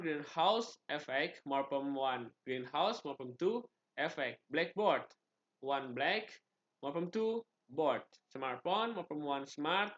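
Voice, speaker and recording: Indonesian-accented male student presenter, a touch high, clipped slide-reading delivery, muffled low-fi sound. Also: fairly bright tone. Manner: reads slide items in short clipped phrases, with restarts.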